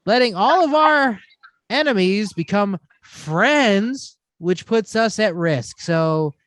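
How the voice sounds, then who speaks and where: A man's voice: high-pitched, expressive, slow pace, fairly bright tone, dry recording. A middle-aged man hosting a podcast, ranting and swearing through casual chat. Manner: ranting and profane. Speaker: podcast host.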